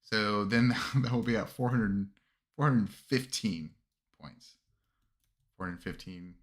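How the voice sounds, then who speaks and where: A man's voice: on the low side, takes it slowly. A man chatting casually on a livestream as host, rambling with many fillers and restarts, and chuckling often. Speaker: streamer reviewing army lists.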